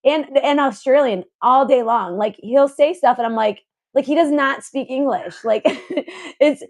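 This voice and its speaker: A woman's voice: high voice, unhurried. A young adult woman co-hosting a podcast in casual chat, talking in a rambling way full of fillers and restarts. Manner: rambling, filler-heavy, laughs often. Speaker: podcast co-host.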